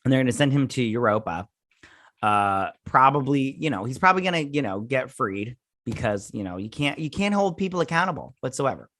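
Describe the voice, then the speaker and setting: A man's voice: medium pitch, animated, fairly quick, a bit bright, no room sound. Male online reviewer, sarcastic and mocking, casual rant, dry deadened room. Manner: sarcastic, mocking, acts out characters in silly voices. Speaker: video host reviewing a TV episode. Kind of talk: casual spoiler recap and rant.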